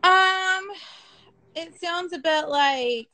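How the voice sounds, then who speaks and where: A woman's voice: extremely high pitch, very slow, bright, forceful tone, soft background music. A woman talking frankly and casually in an interview, with many fillers and the odd swear word. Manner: frank, chatty, sprinkled with swearing and "like". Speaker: business coach being interviewed.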